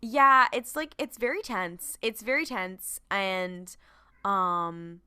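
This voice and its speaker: A woman's voice: medium pitch, slow, smooth. A young adult woman co-hosting a podcast, chatting casually about a TV episode and acting out the characters' lines. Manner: animated, acts out characters' lines. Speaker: podcast co-host. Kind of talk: casual recap chat.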